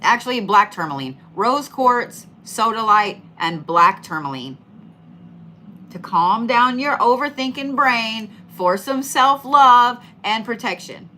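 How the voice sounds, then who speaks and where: A woman's voice: a little high, expressive, slow pace, sharp tone, slight background noise. A middle-aged woman giving casual, playful zodiac tarot readings, swearing freely and hyping up her listeners. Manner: swearing, playful, hyped-up and chatty.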